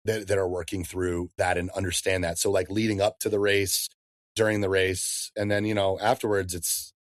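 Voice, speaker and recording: A lively man in his thirties talks shop as a fitness coach on a podcast, easygoing and full of slang like dude and man. His voice sits a little low. The sound is dry and close. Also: normal speed, no room sound. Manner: animated, slangy, says "dude" and "man" often. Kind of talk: casual podcast interview.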